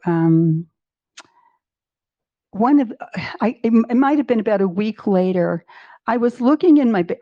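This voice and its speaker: A woman in her eighties telling her story as a podcast guest, animated, acting out her own inner dialogue and laughing often. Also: mid-range voice, no room sound, lo-fi sound. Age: 80s. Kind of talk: personal storytelling in an interview.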